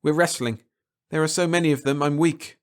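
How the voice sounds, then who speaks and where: A man narrating a first-person short story aloud, expressive and swinging from hushed to excited. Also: a little high, a little fast, clean tone. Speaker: audiobook narrator.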